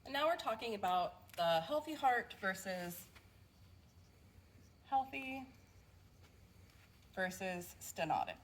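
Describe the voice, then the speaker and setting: This nursing student, a young adult woman, speaks slowly with long pauses in a mid-range voice and lively intonation. She explains her class presentation step by step, with occasional fillers. There's slight background noise, and the audio is poor.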